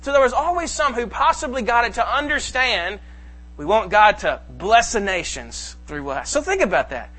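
A man preaching a sermon to a congregation, reading scripture slowly and with emphasis. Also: high voice, very animated, pushed and bright. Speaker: pastor. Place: church sanctuary.

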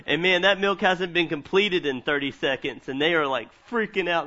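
With a slightly high voice at an ordinary pace, a pastor in his thirties gives a sermon mixing scripture with funny stories from family life. His delivery is animated and humorous, though the recording's highs are cut off.

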